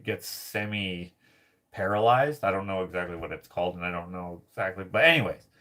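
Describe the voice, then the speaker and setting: A man's voice: deep voice, fairly quick, bright, forceful tone. A man telling a rambling personal story to camera, laughing often and filling his talk with "like". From Canada. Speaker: vlogger.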